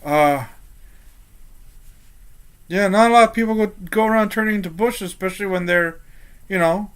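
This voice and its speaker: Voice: medium pitch, moderate pace, clean tone, voice pushed up, close to an everyday voice. A game master voicing a nervous male camp guard who stammers and panics easily. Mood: awkward.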